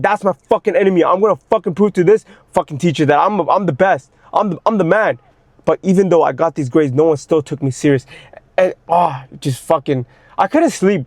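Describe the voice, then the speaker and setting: A young male fitness coach rants in an unscripted personal monologue, intense and swearing heavily, repeating words as he gets worked up. His voice is a little high and slightly mellow, in a dry recording.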